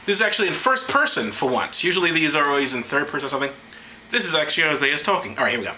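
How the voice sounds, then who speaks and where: A man's voice: on the high side, big pitch swings, fast talker, pushed and bright, slight background noise, rough recording. A man reading scripture aloud as comedy, sarcastic and profane, stumbling and laughing over the text. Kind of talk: irreverent comedic Bible reading.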